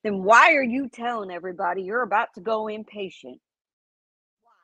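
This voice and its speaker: A woman's voice: mid-range voice, moderate pace, sharp tone, slightly rough, no room sound, poor audio. A woman in heated casual livestream chat, speaking bluntly and indignantly with plenty of profanity.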